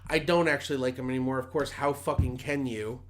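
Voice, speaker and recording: A young man co-hosting a podcast, joking loudly in crude, casual banter and swearing a lot. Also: medium pitch, steady tone, fast talker. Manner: loud, joking, swears a lot, laughs often. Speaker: podcast co-host.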